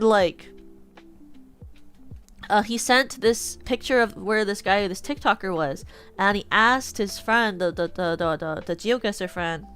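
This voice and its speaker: A young woman with a West Coast American accent chats casually on her VTuber stream, her medium-pitched voice fairly bright. She rambles, packing her talk with fillers and restarts.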